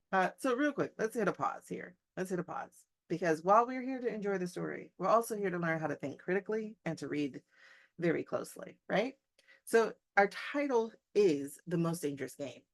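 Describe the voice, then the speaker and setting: A woman's voice: on the low side, animated, normal speed. A woman English teacher reading a short story aloud and breaking off for chatty, joking asides to her class.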